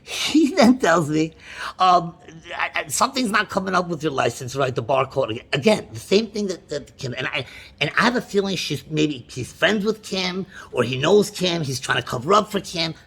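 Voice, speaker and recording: Frustrated man with a gravelly, husky voice. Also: a little high, lively intonation, moderate pace, a bit bright. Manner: frustrated, repetitive, with many restarts and rising outbursts. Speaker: bank customer on a phone call. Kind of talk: agitated complaint on a phone call. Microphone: phone call recording.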